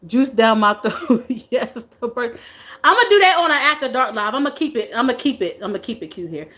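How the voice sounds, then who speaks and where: A woman's voice: fairly high pitch, expressive, brisk, pushed and bright. A woman in her forties hosting a casual live stream, chatting playfully with viewers, reading their comments, and laughing often. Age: 40s.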